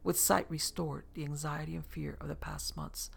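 A storybook narration read in a measured, steady way. The voice is heavily gravelly and full of fry, at an ordinary middle pitch. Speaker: audiobook narrator. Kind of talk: scripted narration of a novel.

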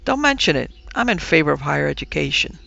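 A man voicing a mild, fussy old male dragon who speaks in a genial, unhurried, teasing way. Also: on the high side, very animated, vocal fry, pushed and bright, dull audio, heavily acted.

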